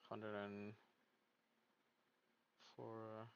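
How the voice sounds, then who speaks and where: A man's voice: lowish voice, monotone, very slow, smooth. A man thinking aloud as he hosts casual gameplay commentary, rambling and poking fun at himself. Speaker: gaming video host. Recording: dull lo-fi mic with faint noise.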